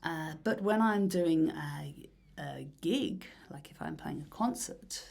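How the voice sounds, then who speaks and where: Low husky woman, dreamy rambling talk. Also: slow pace. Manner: rambling, dreamy, lots of fillers and soft breathy asides. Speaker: musician guest. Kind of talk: casual interview chat.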